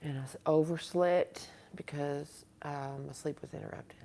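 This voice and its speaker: A woman with a low, gravelly voice chats loosely on a home livestream, slipping into a put-on Southern US accent. She rambles, laughs often, and speaks into a device camera from her apartment. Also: fairly even intonation, measured pace, warm tone. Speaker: livestream host. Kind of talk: casual livestream chat.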